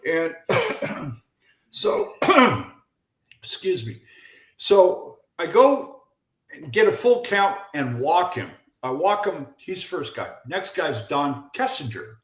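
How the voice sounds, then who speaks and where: Lively older man telling stories. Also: a little high, slow, reverberant, low-quality recording. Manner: lively storyteller who acts out quoted voices, with frequent restarts. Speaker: guest, former baseball pitcher. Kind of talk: animated storytelling in a chat.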